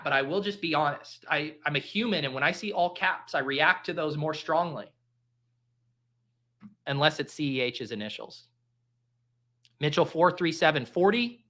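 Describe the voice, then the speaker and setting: A man hosting a casual fantasy football draft stream, rambling through picks and viewer votes. His voice is bright and forward, and his jokes are self-deprecating. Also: a little high.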